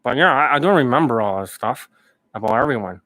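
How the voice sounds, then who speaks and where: A man's voice: mid-range voice, animated, a little fast, a bit bright. A man talking as a dating coach in a casual monologue, profane and mocking, often acting out his students in a raised voice.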